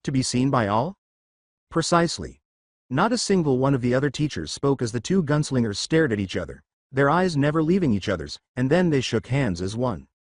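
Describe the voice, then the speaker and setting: A man narrating a fan story in a steady reading voice. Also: mid-range voice, a little fast, few pauses, no echo, clean studio sound. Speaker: fanfiction narrator.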